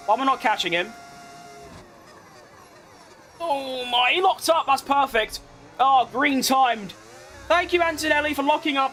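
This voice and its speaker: A man giving excitable live commentary while playing a racing game, exclaiming at close moments. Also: very high-pitched, a little hiss or hum. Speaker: gaming streamer.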